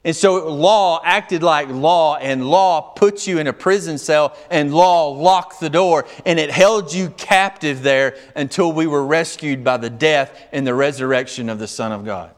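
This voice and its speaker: A man's voice: on the high side, measured pace, few pauses. A man preaching a sermon as pastor, emphatic, reading scripture verses aloud and explaining them. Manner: emphatic, rising and falling in volume.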